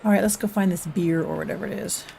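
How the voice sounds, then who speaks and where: A woman's voice: lowish voice, steady tone, fast, gravelly, mellow, a little hiss or hum. A woman live-streaming a game, chatting casually and rambling between game actions while she greets her chat.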